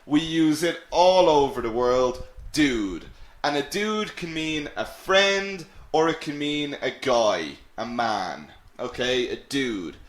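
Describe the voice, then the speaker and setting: A man teaching an English lesson, upbeat and encouraging, repeating key words slowly. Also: mid-range voice. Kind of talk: live online English lesson. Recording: roomy echo.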